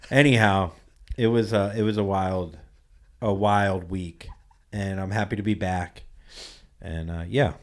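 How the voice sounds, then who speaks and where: A man's voice: sits low, steady tone, measured pace, long pauses, darkish tone. Laid-back man telling a story. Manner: laid-back, frequent "like" and laughing asides. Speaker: podcast host. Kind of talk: casual storytelling chat.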